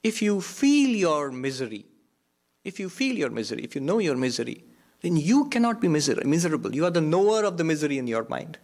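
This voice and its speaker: A man voicing a calm, sharp male Swami who teaches in a measured, insistent way. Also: fairly high pitch. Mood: instructive.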